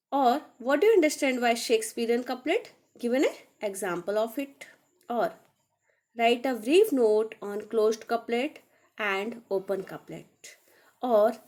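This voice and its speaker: A woman teacher with an Indian accent, reading out a recorded lecture slowly and deliberately. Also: on the high side. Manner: slow, deliberate reading of notes.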